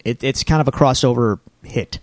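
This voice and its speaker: A man co-hosting a podcast in a casual chat, joking and quick to riff. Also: medium pitch, no echo, clean studio sound. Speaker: podcast co-host.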